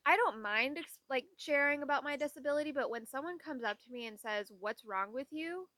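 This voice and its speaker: Young woman telling stories on her vlog, kinda fed up, bright higher voice. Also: brisk, no echo. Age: young adult. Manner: candid, exasperated storytelling with quoted voices. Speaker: vlogger. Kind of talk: casual vlog talk.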